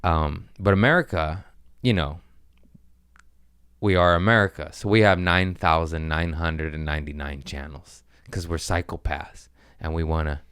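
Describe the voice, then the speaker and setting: A man with a deep, smooth, resonant voice hosts a comedy podcast, talking in a loose, rambling rant full of crude jokes. He punches certain lines with sudden bursts of loudness. The sound is dry and close. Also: steady tone, normal speed, dry recording.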